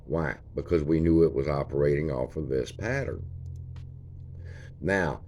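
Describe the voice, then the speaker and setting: Man, very deep voice, casual chart walkthrough, folksy. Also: a little slow, a little mellow, a little hiss or hum. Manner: folksy, points at chart features as he talks. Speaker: stock channel host.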